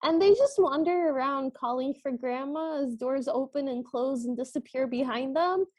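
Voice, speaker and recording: High-voiced woman recapping a movie. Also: normal speed. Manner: chatty, acts out quoted lines. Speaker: podcast co-host. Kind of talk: casual movie recap chat.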